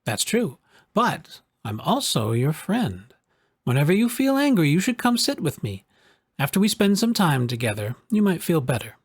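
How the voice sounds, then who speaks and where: A man voicing a hairy red creature who is a child's anger, speaking in a calm, reassuring, husky voice. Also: a little high, normal speed, pitched above the performer's own voice. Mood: friendly.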